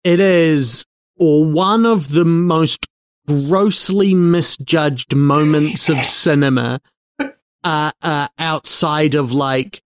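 A man co-hosting a film podcast in casual discussion, talking haltingly and wryly as he searches for words. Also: a little high, no room sound, studio quality.

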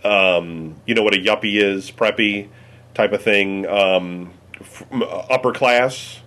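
A man from the Cleveland area, chatting casually in a rambling, halting way full of fillers and restarts. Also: on the low side, fairly bright tone. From Cleveland area, United States. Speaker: conversation partner. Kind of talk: casual chat.

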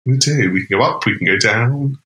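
A man's voice: mid-range voice, fairly quick, pushed and bright, a little hiss or hum. A man co-hosting a podcast, chatting casually and telling stories with laughs and exclamations. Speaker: podcast co-host. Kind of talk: casual chat. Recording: roomy echo.

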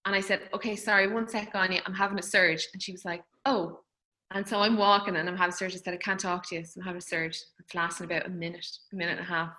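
A woman's voice: fairly low pitch, little pitch movement, quick pace, pushed and bright, low-quality recording. A woman with an Irish accent, chatty and often laughing, casually telling her birth story and acting out the dialogue.

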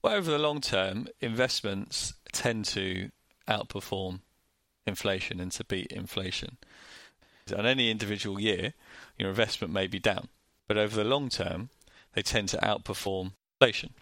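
A man with a Northern English accent co-hosting a finance chat, explaining things in a plain, measured way. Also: on the low side, creaky, a bit bright, dry recording. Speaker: co-host.

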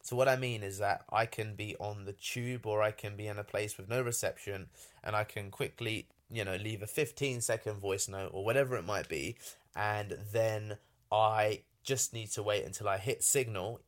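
A man's voice: fairly low pitch, normal speed. A man in a casual monologue, rambling with lots of fillers and restarts, enthusiastic and swearing for emphasis.

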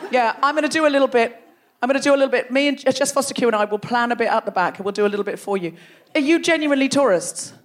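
A woman with a high, bright voice works a live theatre crowd as a comedy podcast host. She teases and banters with an animated delivery, speaking into a stage microphone. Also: rapid-fire, hardly any pauses. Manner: teasing, animated, laughing between jokes. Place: large theatre stage before a live audience.

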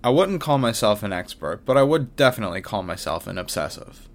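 A man's voice: on the low side, sing-song, a little fast. A man hosting his own sports podcast, reading a wry, self-mocking script with jokey asides. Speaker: podcast host. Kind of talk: scripted monologue.

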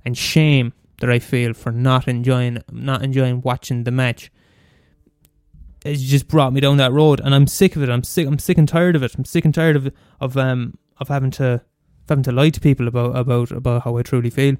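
A man's voice: medium pitch, fairly even intonation, a little fast, darkish tone, no room sound, studio quality. A man from Limerick with a Limerick Irish accent, ranting in a comedic monologue, profane and exasperated, often restarting and repeating himself. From Limerick, Ireland.

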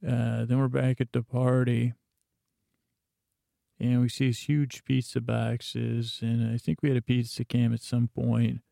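A man's voice: medium pitch, measured pace, dry recording, clean studio sound. A man hosting a podcast, giving a meandering bedtime recap full of fillers. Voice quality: gravelly. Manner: meandering, monotone, filler-heavy. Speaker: podcast host.

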